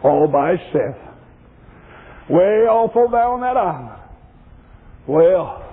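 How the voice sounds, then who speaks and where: A man preaching a sermon, rising into shouted, sung chanting with cries of praise. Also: high voice, expressive, takes it slowly, husky. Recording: tinny lo-fi recording in echoing hall.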